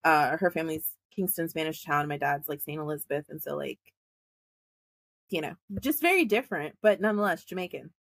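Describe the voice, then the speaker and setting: A woman co-hosting a podcast in casual chat, animated and quick to laugh as she tells stories. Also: low-pitched, vocal fry, dry recording. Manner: chatty, laughs often, animated storytelling. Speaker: podcast co-host.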